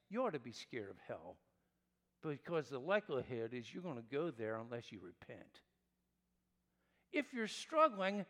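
Male pastor, sermon delivery, emphatic and dynamic, fairly high voice, long room reverb. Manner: emphatic preaching with wide swings in pitch and loudness.

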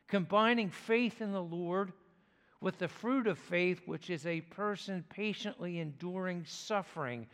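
A male pastor delivers a sermon in a slow, deliberate cadence, leaving pauses between phrases. His voice sits a little high for a man. The sound rings with the long reverb of a church sanctuary. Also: a bit bright.

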